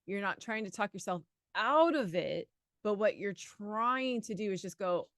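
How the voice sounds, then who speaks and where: A woman co-hosting a live exam study lesson, chatty and quick to laugh, thinking aloud through answers. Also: mid-range voice, animated, a bit bright, no room sound, studio quality. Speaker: exam prep co-host.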